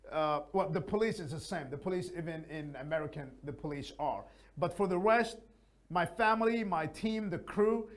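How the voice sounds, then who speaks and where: A man teaching an English lesson in a chatty, casual way, often adding his own opinions. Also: high-pitched. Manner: chatty, gives opinions, frequent fillers.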